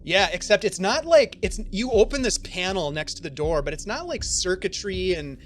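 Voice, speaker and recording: A fairly high-voiced man runs a tabletop game on a stream. He narrates the scene and talks to his players in a casual, upbeat way, with plenty of ums and restarts. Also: lively intonation, normal speed, faint music behind. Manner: casual, upbeat, filler-heavy. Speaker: game master.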